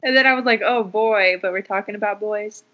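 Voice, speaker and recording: A young woman co-hosting a casual chat podcast, playful and quick to giggle. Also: medium pitch. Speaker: podcast co-host. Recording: dull lo-fi audio.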